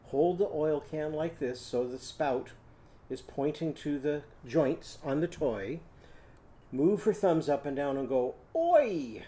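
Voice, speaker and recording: A man teaching a children's phonics lesson, drilling sounds in a slow, clear, sing-song way. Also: fairly high pitch, dark tone, a little hiss or hum. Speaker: literacy teacher.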